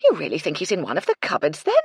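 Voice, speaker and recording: A woman voicing an excitable, gossipy cook who talks eagerly. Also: low voice, fast talker, vocal fry, breathy edge, dry recording, clean studio sound, heavily acted. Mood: excited.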